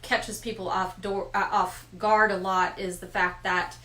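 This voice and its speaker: A woman's voice: mid-range voice, level tone, measured pace, pushed and bright. A woman co-hosting a casual chat as a realtor, agreeable and chatty, with frequent fillers. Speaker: realtor co-host. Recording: echoey room.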